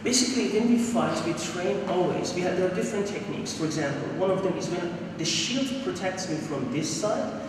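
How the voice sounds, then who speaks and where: High-voiced man teaching in an echoey hall. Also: expressive, a little fast, hardly any pauses. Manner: explains while demonstrating moves, repetitive phrasing. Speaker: martial arts instructor. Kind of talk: seminar demonstration. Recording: echoey hall, distant mic, audible noise.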